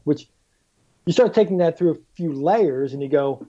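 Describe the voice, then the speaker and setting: A man chats as a podcast guest, spinning animated stories and acting out what people said. His voice sits a little high and sounds mellow. The audio is dull and lo-fi. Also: a little fast. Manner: animated storyteller, acts out quotes with swearing. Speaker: guest author. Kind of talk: casual podcast chat.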